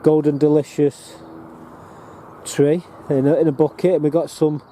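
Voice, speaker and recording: A northern English man with a very dark, mellow voice, rambling chattily as he walks his allotment plot. He talks plainly into a handheld camera, with faint outdoor noise behind him. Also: on the high side, flat delivery, moderate pace. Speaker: allotment gardener and vlogger. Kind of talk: casual walking tour.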